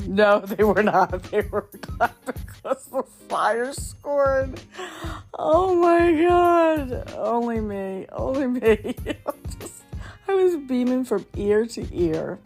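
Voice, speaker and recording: A woman telling funny stories of her own on her podcast, in a chatty, animated way. She laughs a lot, and her voice jumps up high whenever she gets excited. Faint music sits low behind her. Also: takes it slowly. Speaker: podcast host. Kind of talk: casual storytelling monologue.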